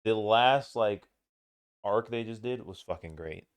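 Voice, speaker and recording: A man's voice: on the low side, measured pace, clear, resonant tone. A young man co-hosting a podcast in casual chat, laid-back, swearing casually and laughing often. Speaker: podcast co-host.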